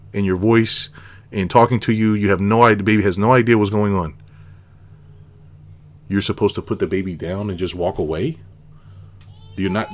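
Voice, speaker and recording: Low-voiced man rambling with rhetorical questions. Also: slight background noise. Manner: rambling, with many rhetorical questions and tag "right?"; repeats himself for emphasis. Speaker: business consultant and video host. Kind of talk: casual spoken commentary to camera.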